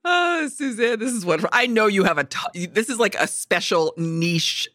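A woman's voice: mid-range voice, expressive, normal speed, a bit bright, dry recording, studio quality. A woman co-hosting a podcast in casual chat, blunt and joking with some swearing. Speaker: podcast co-host.

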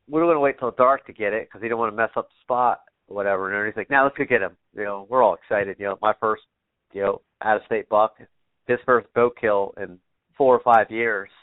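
A man with a lowish voice, recorded dry over a tinny, phone-like remote line. He's a bow hunter guesting on a podcast, telling a rambling story with frequent fillers and casual swearing.

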